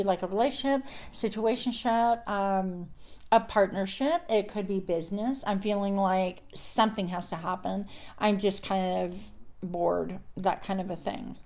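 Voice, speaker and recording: A woman's voice: mid-range voice, darkish tone. A woman giving a casual tarot reading, chatty and meandering, mixing spiritual affirmations with card talk. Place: indoors at a counter.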